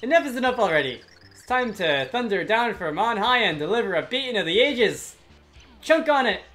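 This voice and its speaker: A gamer voicing a burly, boastful male warrior brute in a rough attempt at a Scottish accent, reading game dialogue in character. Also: mid-range voice, sing-song, moderate pace, a bit bright, soft background music, voice pushed up. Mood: bellowing. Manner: bellowing, gruff, boisterous.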